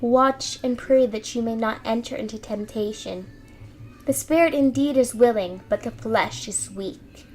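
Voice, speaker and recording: A woman reading scripture aloud in an earnest, steady way, with small restarts. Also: fairly high pitch, a little slow, slight background noise, low-quality recording. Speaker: Bible reader.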